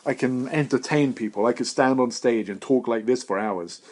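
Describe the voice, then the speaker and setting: A man's voice: mid-range voice, moderate pace, darkish tone. Rambling, swearing young man. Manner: profane, meandering, self-mocking. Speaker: podcast host. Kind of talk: rambling solo monologue.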